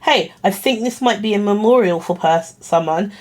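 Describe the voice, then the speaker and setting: A young woman chatting straight to camera as she recounts a story, her voice sitting in a middle pitch range. She talks casually and rambles, often giggling and sounding a little self-conscious. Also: moderate pace, darkish tone. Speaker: vlogger.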